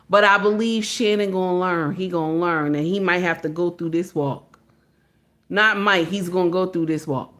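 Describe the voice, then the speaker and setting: A woman giving casual reaction commentary, emphatic and repetitive, driving each point home with "okay?" and "baby". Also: on the low side.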